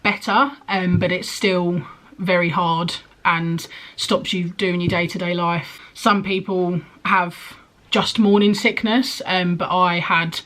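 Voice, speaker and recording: A woman's voice: on the low side, steady tone, takes it slowly, few pauses, fairly bright tone. A young woman, pregnant, chatting casually in a rambling way, with frequent ums and likes, as she answers questions for her vlog. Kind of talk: casual chat.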